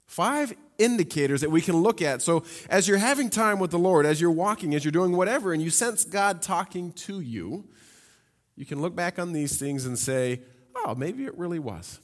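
A man preaching a sermon, reading scripture and explaining it in a lively, conversational way with humorous asides. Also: high-pitched, moderate pace. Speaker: pastor. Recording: long hall reverb.

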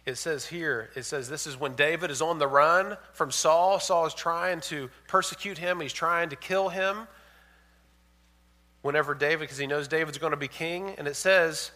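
A man preaching a sermon, swinging from loud emphatic points to hushed storytelling. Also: fairly high pitch, normal speed. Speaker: pastor.

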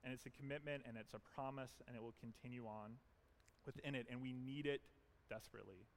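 A man's voice: mid-range voice, fairly even intonation, quick pace, creaky, slight background noise. A man pastor preaching an earnest, emphatic sermon in a church, leaning on repetition.

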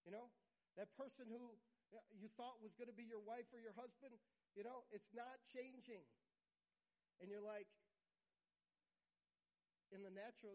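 A man preaching a sermon, earnest and repetitive, sometimes dropping to a quiet, intimate tone. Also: extremely high pitch, low-quality recording. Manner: earnest, repeats phrases for emphasis, drops to quiet intimate tones. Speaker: pastor.

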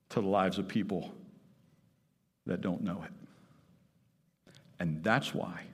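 A man preaching a sermon as pastor, emphatic, repeating key phrases and putting questions to the congregation. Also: sits low. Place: church sanctuary. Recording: long reverb of a church hall.

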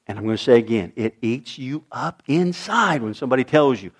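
A middle-aged man preaching a sermon in an animated way, his voice rising high and dropping low for emphasis. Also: brisk, husky. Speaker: pastor.

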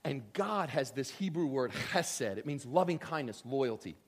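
A man preaching a sermon as pastor, joking and animated, swinging from loud lines to hushed ones. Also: medium pitch, moderate pace.

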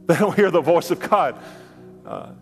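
An older man preaching a sermon as pastor, animated and joking, often repeating his words and leaping up in pitch for asides. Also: a little slow, gravelly, in a large hall, soft background music.

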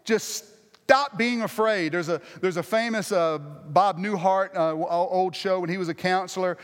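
A male pastor with a drawl delivers an earnest sermon in a fairly high voice. He circles back on his phrases, restarting them to press his point home. His words ring out with the long reverb of a church hall. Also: fairly even intonation, normal speed.

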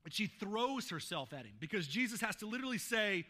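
A man's voice: high voice, big pitch swings, brisk, sharp tone. A man pastor preaching a sermon, retelling a scripture passage in a conversational way and often adding "right?" to check in with listeners.

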